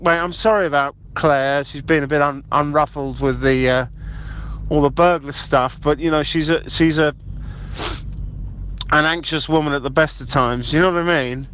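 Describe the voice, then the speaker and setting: A man's voice: fairly high pitch, a bit bright, a little hiss or hum. A man leaving pushy, conspiratorial voicemails, calling the listener mate. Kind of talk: improvised comedy voicemail. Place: car.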